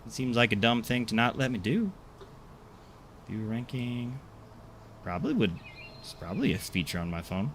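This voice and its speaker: A man's voice: medium pitch, very animated, normal speed, long pauses, slight background noise. A man streaming a game, chatting casually with his viewers in a rambling, self-deprecating way. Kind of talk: casual live-stream chat.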